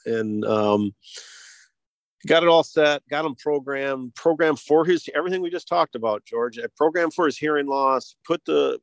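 Male guest, American, casual storyteller, mid-pitched, lots of restarts and light laughs, dry close sound. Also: gravelly, no echo. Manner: halting, many restarts and chuckles. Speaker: guest, hearing device company co-founder.

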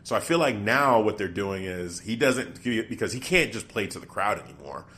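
Man, lowish voice, co-host, casual chat, thinks out loud, restarts a lot. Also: animated, normal speed. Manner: thinks aloud, breaks off and restarts sentences.

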